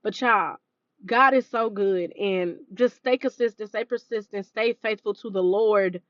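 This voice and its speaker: A woman's voice: mid-range voice, a little slow, no room sound, highs cut off. A woman in her early thirties gives an emotional personal testimony, close to tears, talking straight to her viewers. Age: 30s. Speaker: podcast host.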